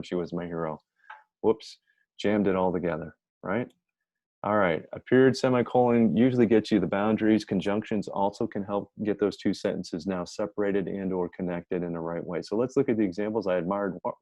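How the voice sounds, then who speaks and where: A man gives an informal writing lesson, reading example sentences aloud and correcting himself as he goes. His voice sits a little low and mellow. The recording sounds dull and lo-fi, with a dry, close sound. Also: no room sound. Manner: chatty, self-correcting, reads examples aloud. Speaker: writing teacher. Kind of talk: informal grammar lecture.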